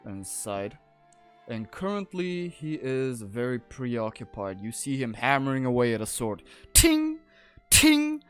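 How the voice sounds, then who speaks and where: A man narrating as game master in a tabletop game, unhurried and laughing often. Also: mid-range voice, animated, soft background music.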